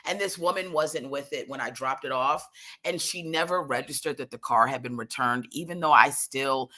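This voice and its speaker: A woman telling a comic story in an animated, exasperated way, swearing freely. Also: rumbling low, normal speed.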